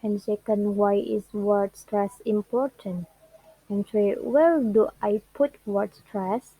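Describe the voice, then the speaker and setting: A young woman, a student whose first language is Indonesian, presenting what she learned about English word stress in a careful, halting way and drawing out example words. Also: medium pitch, warm tone, no echo, low-quality recording. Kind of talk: classroom presentation.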